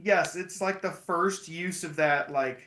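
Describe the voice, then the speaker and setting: A man's voice: fairly high pitch, takes it slowly, sharp tone, echoey room. A man co-hosting a podcast, rambling with lots of fillers and jokey asides. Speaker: podcast co-host. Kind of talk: casual chat.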